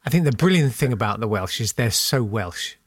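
A man's voice: mid-range voice, lively intonation, fairly quick, breathy edge, no room sound, clean studio sound. A man co-hosting a comedy podcast, telling history stories in a theatrical, giggly way. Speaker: podcast co-host. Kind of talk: comic history storytelling.

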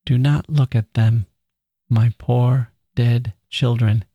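A man's voice: medium pitch, fairly even intonation, unhurried, warm tone, husky, no room sound, lo-fi sound. A man voicing a frail dying woman writer, speaking in an earnest, tender whisper.

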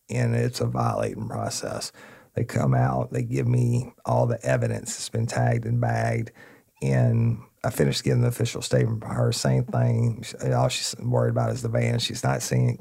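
Male podcast host, very low and gravelly, dark husky tone, lively delivery. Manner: animated retelling with quoted dialogue, addresses listeners as y'all. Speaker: podcast host, former detective. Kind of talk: casual true-crime storytelling.

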